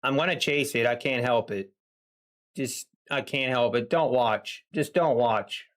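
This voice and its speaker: A man's voice: mid-range voice, a little slow. A man live-streaming his day trading, chatting casually with viewers and talking himself through trades in an exasperated, sighing way.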